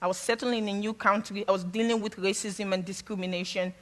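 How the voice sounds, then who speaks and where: Her medium-pitched voice moves quickly as this woman from Sierra Leone, not a first-language English speaker, gives a frank and humorous talk as a stage guest before a live audience. She's an animated storyteller, and the room sounds large.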